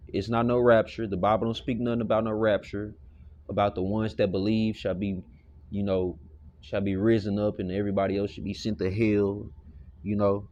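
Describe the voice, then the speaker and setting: A man's voice: fairly low pitch, steady tone, moderate pace, a little mellow, dull audio. A man teaching a casual Bible lesson, talking loosely and conversationally with lots of "you know" and the odd curse.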